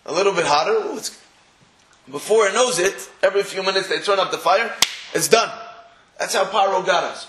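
A man delivers a sermon as a string of stories, acting out the people he quotes and dropping in Hebrew and Yiddish words. His voice sits high for a man. The room around him rings with echo. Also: a little fast, fairly bright tone. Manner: storytelling, acts out quoted voices; mixes Hebrew and Yiddish terms. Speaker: religious speaker. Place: room in England.

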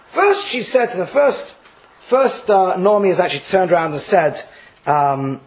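A man with a high voice teaches a Torah class, lively and full of restarts. He acts out the people in the verses he teaches. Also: a little slow, poor audio. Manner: lively, acts out quotes, Hebrew terms mixed in, restarts.

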